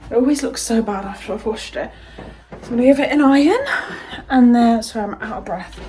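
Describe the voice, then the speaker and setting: A woman's voice: medium pitch, slight background noise. A young woman, chatting casually and gushing at home as a lifestyle vlogger, rambling through asides. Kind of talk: casual chatty vlog narration. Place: at home indoors.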